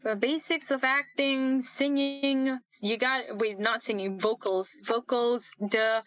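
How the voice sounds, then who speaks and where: A woman's voice: fairly high pitch, steady tone, slow, a bit bright, no room sound, low-quality recording. A young woman from Malaysia, a guest in a casual interview, talking hesitantly and correcting herself often. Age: young adult.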